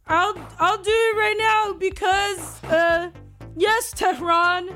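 A woman's voice: very high-pitched, fairly even intonation, slow, pushed and bright, soft background music. A woman hosting a show, delivering a rambling, self-mocking comic monologue and often laughing through her lines. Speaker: show host. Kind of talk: comedic monologue.

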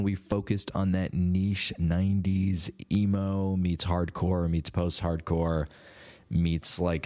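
A man hosts a radio show, wrapping up the episode with a laid-back, chatty ramble in a casual outro. His voice is nasal, sitting low with a slightly mellow quality.

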